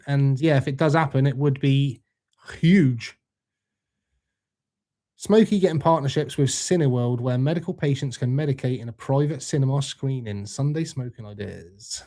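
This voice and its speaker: A young British man hosts a casual live stream, reading out viewer comments as they come in. He talks in a loose, laid-back way and drops in jokes and swearing with ease. His voice sits at an ordinary pitch for a man. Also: mellow. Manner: laid-back, swears freely, jokey banter with chat. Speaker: livestream host.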